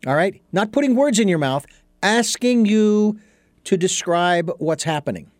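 A man's voice: sits high, animated, measured pace, no echo, clean studio sound. A man as an interview guest, telling a story and explaining his ideas in an earnest, thoughtful way. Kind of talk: reflective storytelling in conversation.

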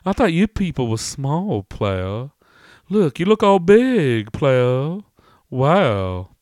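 A man's voice: a little high, very animated, slow, darkish tone, no echo, clean studio sound, voice pushed up. A man voicing a skinny, dapper customer at a barbecue joint who is brash and mouthy and calls everyone player. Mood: nosy, chatty.

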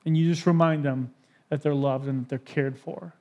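Male pastor, 30s, slightly high pitch; conversational sermon delivery with light joking asides. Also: steady tone, normal speed, dull audio. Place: church sanctuary.

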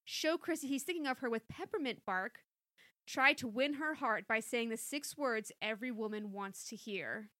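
A woman reading an interactive story aloud, playful and lively between passages. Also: a little high, normal speed, no echo, studio quality. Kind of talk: storybook narration with chat.

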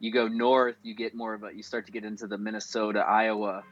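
A man's voice: fairly low pitch, flat delivery, fast talker, a bit bright, muffled recording. A man in casual chat, a playful, rambling storyteller who often restarts his sentences.

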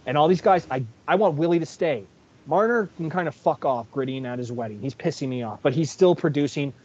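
A man's voice: on the high side, brisk, a little mellow. Fired-up ranting man. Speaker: podcast co-host. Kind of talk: casual sports chat. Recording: dull lo-fi audio.

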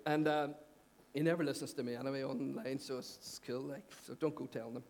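A middle-aged man with a Northern Irish accent preaching a sermon as a pastor, earnest and conversational, pushing up on key points and dropping low for asides. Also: steady tone, brisk, darkish tone. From Northern Ireland. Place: church hall.

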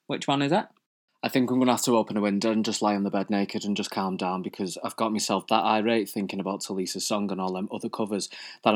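Camp, sweary man ranting. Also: lowish voice. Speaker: host. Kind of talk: comic rant to camera.

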